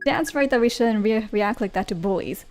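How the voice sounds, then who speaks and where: A woman voicing a calm, cautious teenage boy who reasons softly. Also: on the high side, moderate pace, faint music behind, lightly acted. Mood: reasoning. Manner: soft, reasoning.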